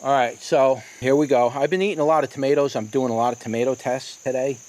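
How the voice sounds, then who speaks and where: A man's voice: medium pitch, fast, a little mellow. A man casually reviewing hot peppers outdoors in his garden, talking through the burn as he eats them. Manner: chatty, exclaims and coughs from the heat. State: hiccuping, burning mouth.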